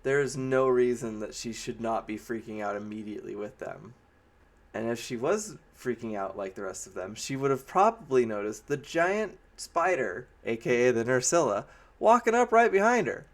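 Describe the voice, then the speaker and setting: A man's voice: medium pitch, animated, normal speed. A man giving a casual, rambling movie review with a sarcastic edge, often slipping into mocking quoted voices.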